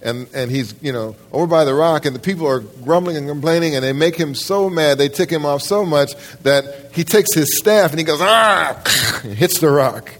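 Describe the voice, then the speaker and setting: A man's voice: a little high, fairly quick, few pauses. A man preaching a sermon to a church congregation, emphatic, often restarting his words and putting questions straight to his listeners. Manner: addresses the congregation directly with questions. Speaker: pastor. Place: church service.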